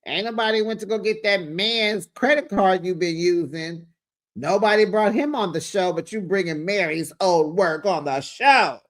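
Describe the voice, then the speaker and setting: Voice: medium pitch, normal speed, pitched above the performer's own voice, lightly acted. A recap host voicing a blunt reality-TV woman who lists her grievances against a castmate. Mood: confronting.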